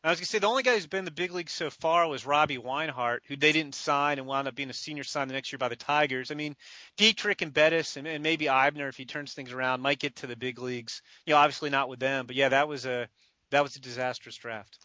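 Man, podcast co-host, animated storyteller, bright forceful voice, dull dry sound. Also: mid-range voice, fast talker, no echo. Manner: animated, laughing, acts out quotes. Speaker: podcast co-host, draft writer. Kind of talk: casual storytelling chat.

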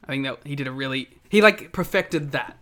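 A man's voice: medium pitch, fairly quick, fairly bright tone. A man with an Australian accent co-hosting a casual wrestling podcast, joking and laughing often. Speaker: podcast co-host. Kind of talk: casual chat.

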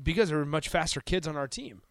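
A man's voice: on the high side, animated, quick pace, gravelly, fairly bright tone, dry recording. A man co-hosting a sports talk show, arguing his point playfully and joking in casual studio banter. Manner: playful, mock-courtroom arguing, laughing.

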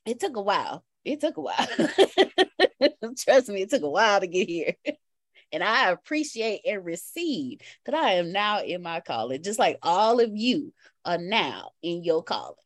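A woman hosts a casual online call, her pitch bouncing around as she laughs and repeats her favorite phrases. The sound is dry and close, with no room echo. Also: very animated, measured pace. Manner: laughing, playful, repeats catchphrases. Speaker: host of an online community call. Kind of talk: casual chat.

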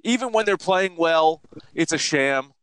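A man rants about his baseball team with constant swearing, his voice swinging widely in pitch. He sounds slightly high for a man. The sound is close and dry. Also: measured pace, smooth, no room sound, rough recording. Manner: profane, ranting, animated. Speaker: podcast co-host. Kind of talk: casual sports chat.

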